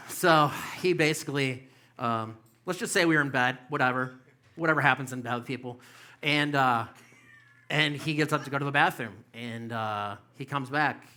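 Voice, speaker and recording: A man's voice: mid-range voice, bright, forceful tone. A man in his fifties doing a stand-up comedy set on a club stage, rambling loosely with lots of fillers and swearing. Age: 50s.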